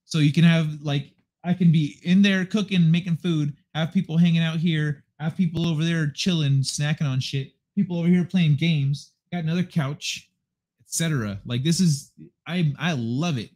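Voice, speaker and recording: A man's voice: a little high, moderate pace, a little mellow. Laid-back man rambling to his viewers. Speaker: livestream host. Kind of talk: casual chat with viewers. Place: living room of his apartment. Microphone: desk microphone.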